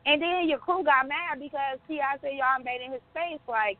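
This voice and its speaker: A woman's voice: high-pitched, normal speed, no room sound. A woman co-hosting a podcast, chatting in an opinionated, laughing way. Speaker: podcast co-host. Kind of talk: casual podcast chat. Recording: dry, tinny phone-line sound.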